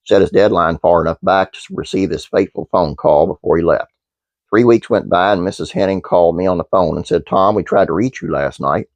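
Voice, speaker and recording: A man's voice: low voice, brisk, dry recording, highs cut off. A man hosting his own channel, reading a trivia script aloud with fillers and restarts, then chatting casually to viewers. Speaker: channel host.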